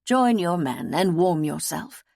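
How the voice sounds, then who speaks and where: A woman narrator voicing a kindly, gentle nun who speaks calmly and formally to reassure a knight. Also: fairly low pitch, measured pace, vocal fry, dry recording, studio quality, full character voice. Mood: gentle, reassuring.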